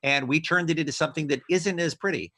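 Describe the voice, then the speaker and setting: A man's voice: a little high, fast, fairly bright tone. A man, a longtime radio host, calling in as a guest and talking in an earnest, emphatic way. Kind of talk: casual chat.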